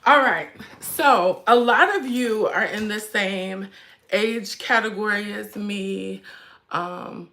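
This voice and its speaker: A chatty woman talks slowly and unhurriedly to her viewers in a casual livestream. Her voice is bright and forward, and she speaks with emotion, holding back tears. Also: mid-range voice. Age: 40s. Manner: chatty, addresses viewers as y'all. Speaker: handbag vlog host.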